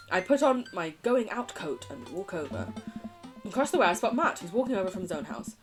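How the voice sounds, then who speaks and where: A woman's voice: medium pitch, sing-song, normal speed, long pauses, faint music behind. Giggly woman streamer. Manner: giggly, playful, swears often, voices the characters. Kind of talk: reading a dating game aloud with voices.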